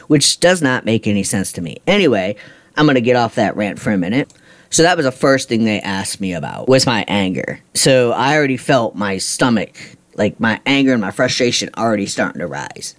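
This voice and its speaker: A man's voice: fairly low pitch, big pitch swings, fairly quick, a bit bright. A middle-aged man hosting a podcast, telling a personal story in a blunt, frustrated, ranting way with casual swearing. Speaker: podcast host.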